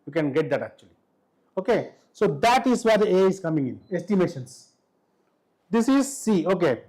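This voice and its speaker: A man with an Indian English accent giving a classroom lecture in a college hall, constantly quizzing his students with quick questions. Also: high-pitched, big pitch swings, a little mellow.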